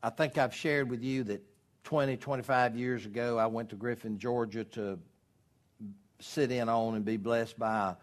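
A man preaching a sermon as pastor, animated and storytelling, acting out voices in his illustrations. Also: mid-range voice, normal speed.

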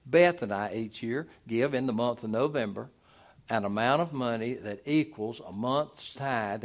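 A pastor, preaching a sermon in an emphatic, exhorting manner. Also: male voice. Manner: preachy, emphatic, rising to loud exhortation then dropping low.

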